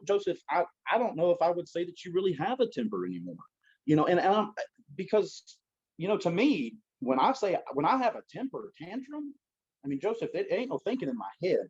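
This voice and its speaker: A blunt man talking in a casual podcast, swearing freely and pressing his points hard. His voice is husky and pitched fairly high for a man, and it swings widely up and down. The sound is dull and lo-fi. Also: a little mellow. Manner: blunt, profane and emphatic. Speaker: guest, strength coach and gym owner.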